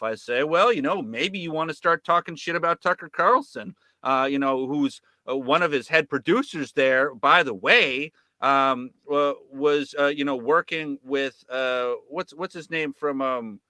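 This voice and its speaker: A man talking about his filmmaking with a very bright, edgy tone that sits a little high. He swears freely, turns sarcastic, and piles up fillers and restarts. The sound is dry and close to the mic. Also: normal speed, hardly any pauses, no echo. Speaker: filmmaker guest. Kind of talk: animated casual storytelling.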